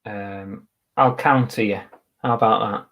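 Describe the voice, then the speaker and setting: A man's voice: on the low side, steady tone, unhurried, fairly bright tone. Chatty man muttering while he works. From Manchester, England. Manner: muttering to himself, chatty asides to viewers. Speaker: eBay reseller streaming live. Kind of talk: casual live-stream chatter while working. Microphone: webcam.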